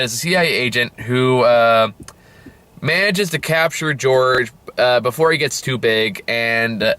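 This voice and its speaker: A man's voice: mid-range voice, sharp tone, dry recording. A young man giving a rambling, casual movie review, full of fillers, self-corrections and offhand swearing.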